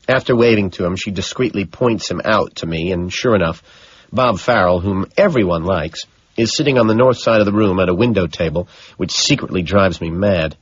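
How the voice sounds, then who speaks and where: A man reading a first-person audiobook narration in a measured, detached way. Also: low-pitched, breathy edge, dry recording, highs cut off.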